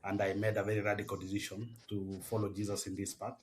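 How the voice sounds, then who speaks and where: Kenyan man in his 40s, low voice, measured with frequent "uh", some faint background noise. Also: completely flat delivery. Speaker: missionary and campus pastor. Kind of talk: interview answers.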